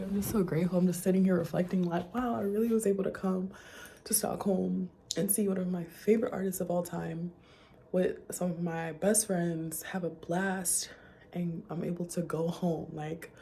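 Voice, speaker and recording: A young woman talks to the camera in an easygoing travel vlog, her voice low, dark and mellow. She rambles, laughs often and corrects herself as she goes. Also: vocal fry, slightly rough. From New Orleans, USA. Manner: chatty and rambling, with frequent laughs and self-corrections. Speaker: flight attendant vlogger.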